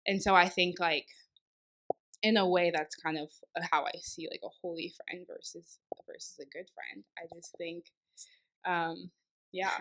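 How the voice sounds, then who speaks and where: A woman's voice: on the low side, fairly even intonation, unhurried, fairly bright tone. A young woman, a podcast guest, talking through her thoughts in a loose, rambling way with fillers and restarts. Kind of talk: casual faith chat.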